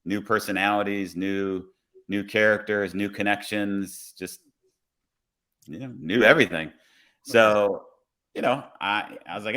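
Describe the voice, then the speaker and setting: Man, lowish voice, police officer, relaxed podcast storyteller who acts out his own lines. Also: unhurried, pauses often.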